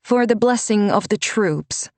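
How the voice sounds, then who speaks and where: A woman's voice: medium pitch, lively intonation, unhurried, a little mellow, no room sound, pitched above the performer's own voice. A woman voicing a stern, devout older woman mentor who speaks fervently and firmly. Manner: fervent, scolding, firm.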